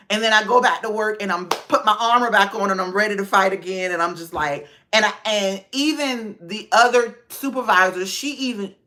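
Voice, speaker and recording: A woman's voice: medium pitch, pushed and bright. A woman vlogger chatting casually on a livestream, talking to viewers by name.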